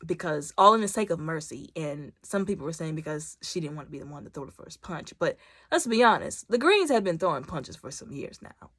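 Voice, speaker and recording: A woman recaps an episode in relaxed, animated chatter, slipping into the characters now and then. Her voice sits on the low side. The sound is dry and close, with no room around it. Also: fairly quick, husky, dry recording. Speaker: YouTube TV reviewer. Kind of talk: casual episode recap and commentary.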